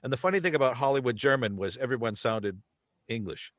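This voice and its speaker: An American man chats as a podcast guest, animated and given to playful accent bits. His voice sits at a middling pitch. The recording is dry and close. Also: fast talker, dry recording. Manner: animated, laughs often, slips into playful accents. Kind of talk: casual chat. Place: lives in the UK.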